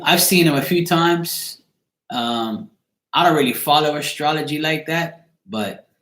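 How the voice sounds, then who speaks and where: A man's voice: mid-range voice, fairly bright tone. Joking, rambling man in echoey room. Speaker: card reader and channel host. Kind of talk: casual livestream chat.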